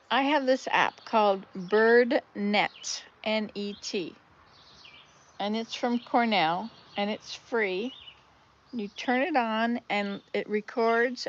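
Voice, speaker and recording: Older woman vlogger, unhurried chatty grandma, faint outdoor ambience and birds behind. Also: mid-range voice, dull audio, slight background noise. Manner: chatty, laughs loudly at punchlines. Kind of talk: casual chat telling jokes.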